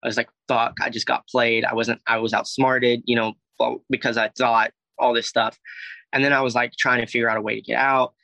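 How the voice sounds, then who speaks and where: Speaking quickly in a medium pitch that barely moves, this young Alabama guest recounts his own story with a creaky, bright, forceful tone. He rambles loosely, leaning on "like" and "I was like" and cursing often. The audio is dry and poor quality.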